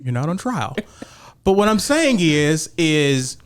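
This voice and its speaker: A man's voice: fairly high pitch, big pitch swings, takes it slowly, smooth. Middle-aged guy on a podcast, voice jumps all over, acts out the back-and-forth, pushy and emphatic. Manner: emphatic, acts out quoted dialogue. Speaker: podcast co-host. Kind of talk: casual podcast debate.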